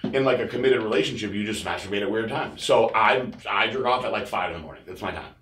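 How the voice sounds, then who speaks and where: Guy rambling thru a crude story, does high silly voices for people, echoey room. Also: quick pace, fairly bright tone. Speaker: podcast host. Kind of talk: casual storytelling chat.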